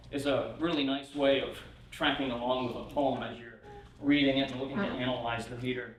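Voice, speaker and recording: A man's voice: medium pitch, fairly quick, a bit bright. A man teaching a workshop on reading poetry, in a casual, chuckling way with many fillers and restarts. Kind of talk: conference lecture. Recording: roomy hall from a distant mic.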